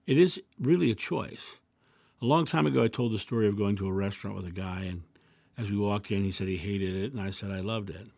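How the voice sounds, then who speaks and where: A man hosting his own video channel, reflecting calmly through personal anecdotes and parables in a casual monologue. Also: fairly low pitch, fairly quick, vocal fry, dry recording, studio quality. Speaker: video host.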